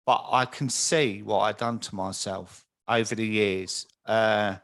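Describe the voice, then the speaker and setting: A man's voice: fairly low pitch, fairly even intonation, unhurried, a bit bright. Empathetic man hosting a podcast. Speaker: podcast host. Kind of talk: conversational interview.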